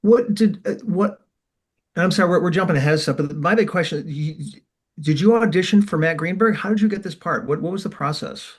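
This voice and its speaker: Curious man asking quick questions. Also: high voice, slightly rough. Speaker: podcast co-host. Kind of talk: casual podcast chat.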